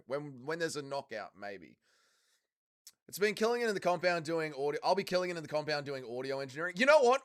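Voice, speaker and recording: A man's voice: fairly high pitch, a bit bright. A man hosting a live watch-along stream, reading viewer chat aloud and bantering crudely, swearing freely and calling people mate. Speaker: livestream host.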